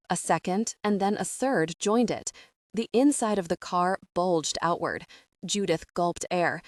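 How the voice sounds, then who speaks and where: A woman narrating a novel in a steady, even reading voice. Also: fairly low pitch, dry recording, studio quality. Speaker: audiobook narrator. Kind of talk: scripted audiobook narration.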